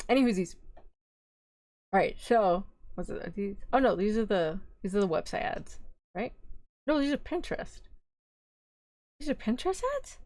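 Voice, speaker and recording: A woman's voice: medium pitch, no room sound. A young adult woman streaming, chatting casually and rambling as she retells scenes, slipping into quoted voices. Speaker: vtuber streamer. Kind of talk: casual stream chat about anime.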